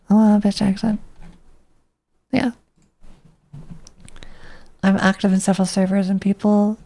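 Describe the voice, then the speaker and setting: A woman's voice: medium pitch, gravelly, mellow. A woman streamer chatting casually, rambling and thinking aloud to herself.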